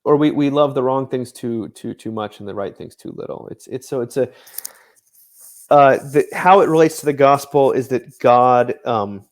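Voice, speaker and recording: Man, author guest, thoughtful explainer, light laughs, mid-pitched voice, conversational interview. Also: normal speed. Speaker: author and ministry director, guest.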